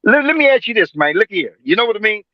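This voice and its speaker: A man's voice: high voice, sing-song, fast talker, no room sound, dull audio. A man in his seventies hosting a boxing panel, talking in a rambling, emphatic, profane way with many fillers and restarts. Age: 70s. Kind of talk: casual profane sports debate.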